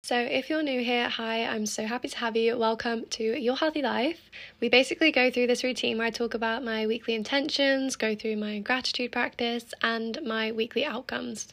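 A woman's voice: a little high, fairly bright tone. A teenage girl hosting her own podcast, chatting casually and upbeat with frequent laughs. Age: teens. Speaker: podcast host. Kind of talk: casual solo podcast chat.

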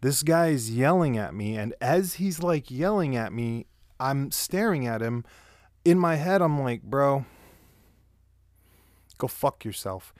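A man's voice: mid-range voice, lively intonation, measured pace, a little mellow. A man with a mid-range voice tells rambling stories in a loose, casual way, swearing freely as he goes. The sound is dry, with no room echo. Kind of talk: casual storytelling.

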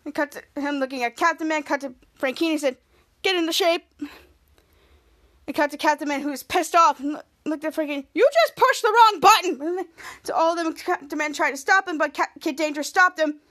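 A woman hosting a podcast, casually retelling a TV episode scene by scene with halting, repetitive phrasing and many restarts. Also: high voice, fairly even intonation, a bit bright. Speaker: podcast host.

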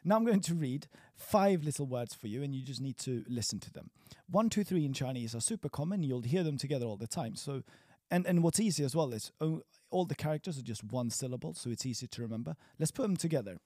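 A man teaching a casual language lesson, chatty, repeating words slowly for learners. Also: mid-range voice, animated, warm tone, no room sound, studio quality.

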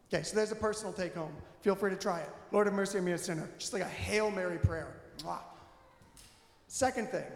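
A man preaching a candid, conversational sermon in a church, animated and self-deprecating. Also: high-pitched, a little hiss or hum. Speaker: pastor. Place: church sanctuary. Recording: echoey hall with long reverb.

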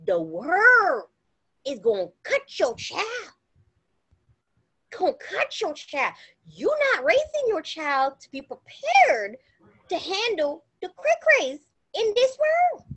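Lively high-voiced woman podcaster. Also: slow. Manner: animated storytelling, acts out quotes in exaggerated voices; blunt and emphatic, laughs often. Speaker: podcast co-host. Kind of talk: casual chat.

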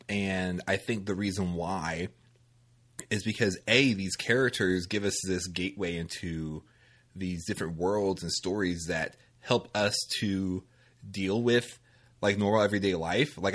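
Casting: very low-voiced male podcast co-host, loose rambling delivery, quick to laugh. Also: a bit bright, breathy edge. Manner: rambling, filler-heavy, laughs easily. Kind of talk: casual film discussion.

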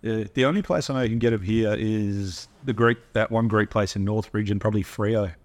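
A man's voice: fairly low pitch, fairly quick. An Australian man in casual podcast chat, laid-back and asking questions. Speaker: podcast co-host.

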